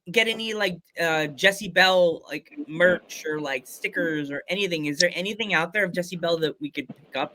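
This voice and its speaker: Playful New man, lively voice. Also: sits high, a little hiss or hum, low-quality recording. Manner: enthusiastic, playful, laughing. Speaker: podcast host. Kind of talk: casual interview.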